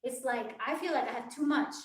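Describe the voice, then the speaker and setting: A woman fitness coach chats on a live stream in a high voice, earnest and rambling, filling her thoughts with "it's like". She sits back from the mic in an echoey room at home, and the walls ring behind her. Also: fairly quick. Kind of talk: casual live-stream talk. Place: home workout space with a yoga mat. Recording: roomy echo from a distant mic.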